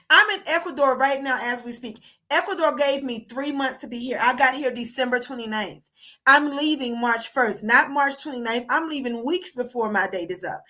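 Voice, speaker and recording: A high-voiced woman runs a casual political livestream, heated and profane. Her tone is bright and sharp, and she rants straight at her viewers. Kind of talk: casual live-stream commentary. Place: abroad while traveling.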